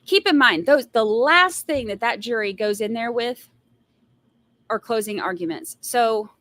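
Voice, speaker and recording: A woman's voice: on the high side, expressive, a little slow, fairly bright tone. A woman hosting a live trial commentary, answering viewer comments and giving blunt, sassy opinions with exasperated rants. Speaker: trial commentary livestream host.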